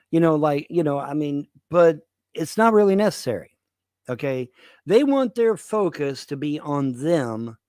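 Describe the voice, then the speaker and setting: Man, fairly high voice, dry close sound, profane, rambling, casual livestream chat. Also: a little mellow, dry recording. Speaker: livestream co-host.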